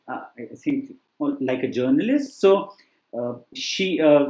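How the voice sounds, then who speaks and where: A man's voice: fairly high pitch, a little mellow. A man giving casual book recommendations as a test-prep teacher, talking loosely with many fillers and restarts. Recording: echoey room.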